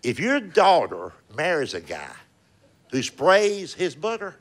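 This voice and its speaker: A man's voice: fairly high pitch, wildly swooping pitch, slow pace. An older man, telling folksy stand-up stories and chatting. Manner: folksy Southern storytelling, drawling punchlines. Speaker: stand-up comedian. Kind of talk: stand-up comedy set, then chat. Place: comedy club stage.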